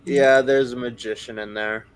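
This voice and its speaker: A man's voice: medium pitch, steady tone, normal speed, noisy background. A man playing in a tabletop game, talking casually and hesitantly. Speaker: player.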